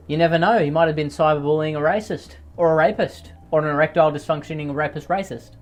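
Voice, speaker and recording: A man doing comedic commentary on read-out posts, reacting in exaggerated rants with sudden loud outbursts. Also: fairly high pitch, quick pace, few pauses.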